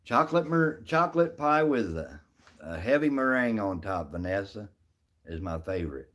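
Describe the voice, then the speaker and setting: Middle-aged man, fairly low voice, folksy, chatty livestream talk, answers viewers by name. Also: big pitch swings, normal speed, fairly bright tone. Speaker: livestream host reading chat. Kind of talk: casual live chat.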